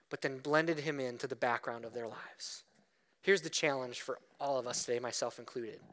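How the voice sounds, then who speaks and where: A man's voice: sits high, pushed and bright, smooth. A man preaching a sermon as pastor in a church, talking conversationally and telling a personal story with acted-out quotes.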